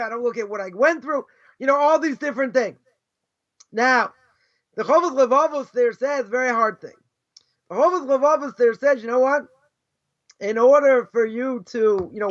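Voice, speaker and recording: High-voiced rabbi, chatty. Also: male voice, fairly bright tone. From United States. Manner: chatty, peppers talk with "right?" and "you know", asks rhetorical questions. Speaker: rabbi teaching a class. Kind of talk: casual conversational Torah lesson. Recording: dull lo-fi recording.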